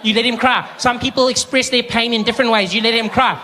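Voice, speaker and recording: Meddling lady who butts in and lectures, high voice, as a comedian puts her on. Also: fairly even intonation, quick pace, pushed and bright, slight background noise. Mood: scolding. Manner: preachy, scolding. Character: meddling scolding female bystander.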